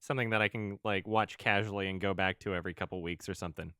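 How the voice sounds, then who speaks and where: A man co-hosting a casual podcast, his voice bright and clean with a crisp edge. He sounds relaxed and laughs easily, and he often trails off into fillers. The mic is close and dry. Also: deep voice, quick pace, no room sound. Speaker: podcast co-host.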